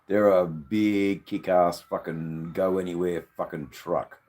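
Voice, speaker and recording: A man's voice: steady tone, darkish tone. An Australian man hosting a live stream, rambling and swearing freely as he greets viewers in the chat. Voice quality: deep, unhurried voice. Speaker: livestream host.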